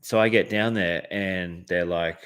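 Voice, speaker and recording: A man's voice: sits low, steady tone, a little slow, fairly bright tone, clean tone. An Australian man hosting a show, telling a heated story in a casual, profane way, with lots of fillers and restarts. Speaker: host.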